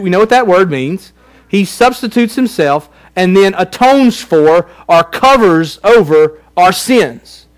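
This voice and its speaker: A man preaching a sermon as pastor, earnest and emphatic with lots of repetition. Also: sits high.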